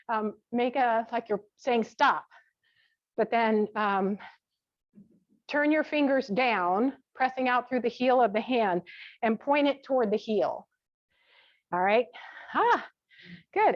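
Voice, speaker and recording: A woman teaching a gentle yoga class, cueing each step with relaxed, chatty asides. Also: on the high side, dry recording. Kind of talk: guided yoga class instruction. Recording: dull, dry lo-fi sound.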